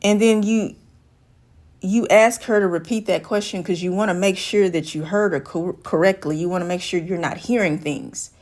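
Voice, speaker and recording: A woman's voice: fairly low pitch, moderate pace, darkish tone. Woman life coach acting out a scenario. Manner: acts out dialogue, shifting voice for quoted women. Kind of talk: direct-to-camera advice talk.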